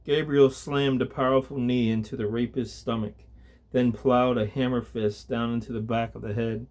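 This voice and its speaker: A man reading a story aloud as narrator, at a deliberate pace. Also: mid-range voice, little pitch movement, darkish tone.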